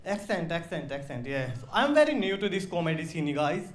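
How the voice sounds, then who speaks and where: A man from India with an Indian accent, doing a slow, deadpan stand-up comedy set on a club stage. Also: a little high. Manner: slow, deadpan delivery with crude punchlines. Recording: roomy live club sound with audience.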